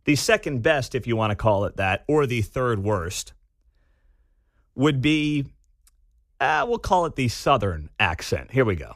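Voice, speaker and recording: A man hosting a talk radio show, giving animated, sarcastic commentary from a studio. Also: mid-range voice, a little slow, dry recording.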